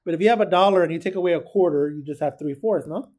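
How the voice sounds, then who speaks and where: A man's voice: fairly high pitch, fast talker, a little mellow. A man teaching a casual recorded math lesson, chatty and joking, who keeps quizzing his students.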